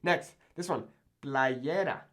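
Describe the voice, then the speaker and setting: A young man teaching Spanish pronunciation in a casual video lesson, with a Mexican Spanish accent in his Spanish words and an animated manner, checking in with frequent "okay?". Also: medium pitch, slow.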